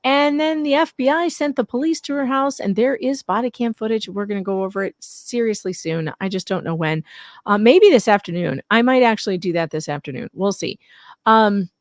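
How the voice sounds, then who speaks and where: A woman commentator on a casual livestream, blunt and animated, laughing often. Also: on the high side, a little fast, no echo, clean studio sound. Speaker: YouTube commentator.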